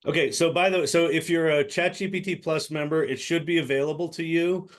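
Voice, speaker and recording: A man on a group video call explains things in a halting, casual way. He stops and restarts often, filling gaps with fillers. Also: on the high side, steady tone. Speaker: meeting participant demoing a tool.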